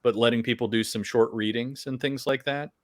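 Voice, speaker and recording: A man co-hosting a podcast in casual chat, relaxed and halting as he explains plans. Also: medium pitch, no room sound, clean studio sound. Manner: relaxed, halting, lots of fillers.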